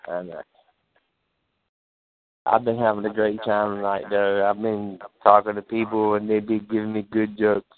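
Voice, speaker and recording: Laid-back, slangy male caller from North Carolina, fairly low voice, thin phone sound. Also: flat delivery, moderate pace, long pauses. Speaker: chat line caller. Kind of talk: casual phone chat. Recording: tinny phone line.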